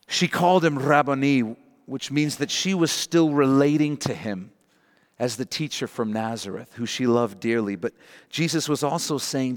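A man's voice: medium pitch, big-room sound. A man preaching an earnest, emotional sermon, acting out the people he quotes. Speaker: pastor.

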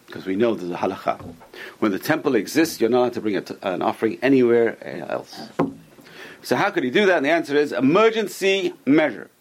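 A man's voice: mid-range voice, animated, fast. A man teaching a Torah class to a small group, telling stories with animation and putting questions to his listeners.

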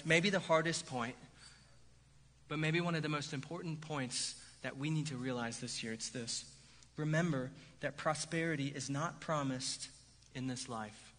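A pastor preaching a sermon in a lively, conversational way, with "right?" asides to the congregation. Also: male voice, a little high. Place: church sanctuary. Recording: hall reverb.

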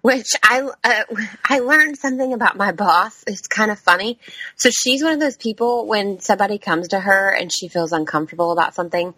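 A woman chats on a podcast, swearing freely and breaking into laughter. Her voice is bright and clear. The sound is dry and close. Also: medium pitch, fairly quick, dry recording. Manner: chatty, swearing, laughs often. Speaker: podcast co-host. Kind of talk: casual chat.

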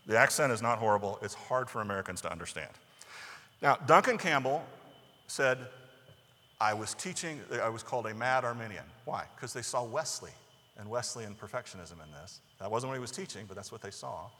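A man giving a conversational sermon lecture, talking in an animated way to the people listening. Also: on the low side, in a large hall. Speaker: teacher or preacher.

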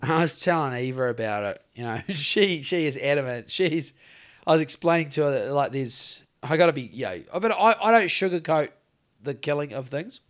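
A man's voice: on the high side, normal speed. A man with a New Zealand accent, co-hosting a podcast and telling rambling, sweary stories in casual chat. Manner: sweary, rambling, animated storytelling. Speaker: podcast co-host.

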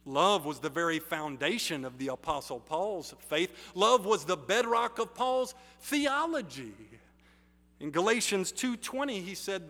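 Man preaching a sermon, slow and measured, bright forceful voice, long sanctuary reverb. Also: high-pitched, lively intonation. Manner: slow, deliberate preaching with emphatic pauses. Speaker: pastor. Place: church sanctuary.

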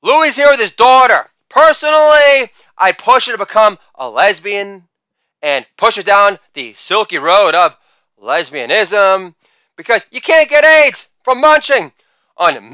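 A male comedian doing a crude insult roast, with brash delivery and shouted catchphrases. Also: very high voice, clean tone, no room sound.

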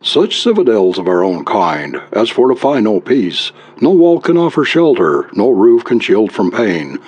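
A man's voice: fairly low pitch, big pitch swings, unhurried, a little mellow, breathy edge, dry recording, heavily acted. A man voicing a hunched, brooding husband who hesitates and mumbles, reciting grim verse.

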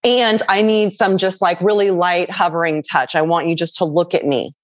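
A woman's voice: fairly low pitch, steady tone, normal speed, no echo. A woman guest on a podcast conversation, explaining in an earnest, patient way. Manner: earnest, explanatory, acts out quoted voices. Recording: dull, dry lo-fi audio.

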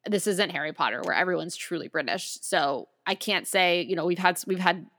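A woman's voice: fairly low pitch, a little fast, a bit bright. A woman co-hosting a podcast in casual chat, enthusiastic and talking in long run-on thoughts. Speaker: podcast co-host.

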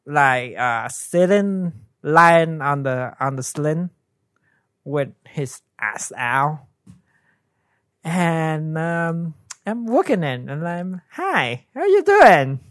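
Halting podcast co-host. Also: medium pitch, fairly bright tone, dry recording, studio quality. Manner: halting, searches for words. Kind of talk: casual chat.

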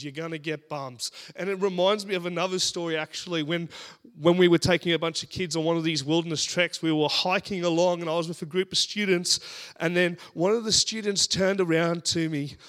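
An Australian man in his thirties preaching a sermon, telling stories in an animated, humorous way. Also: fairly high pitch.

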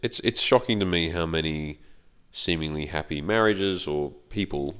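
A man's voice: a bass voice, normal speed, a bit bright, smooth. An Australian man, an actor guest, chatting casually and self-deprecatingly, often acting out the voices in his stories. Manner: rambling, self-deprecating, acts out quoted voices. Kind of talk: casual podcast chat.

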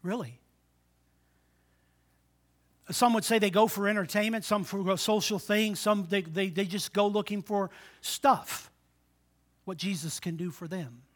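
Dynamic preacher in his sixties, bright. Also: fairly even intonation, moderate pace. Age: 60s. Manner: dynamic preaching, swinging between loud exhortation and quiet, low asides; call-and-response with the congregation. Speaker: pastor. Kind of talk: sermon.

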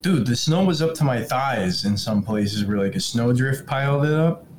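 A man's voice: mid-range voice, animated, moderate pace, rough recording. A young man in casual podcast chat over a video call, blunt and bragging, swearing freely.

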